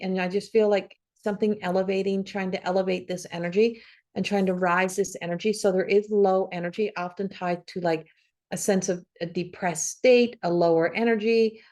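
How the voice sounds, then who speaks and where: Her voice is medium in pitch and a little mellow. Recording herself solo on camera, this psychic reader lays out a tarot forecast, speaking earnestly and encouragingly, with repetitions and restarts as she thinks out loud.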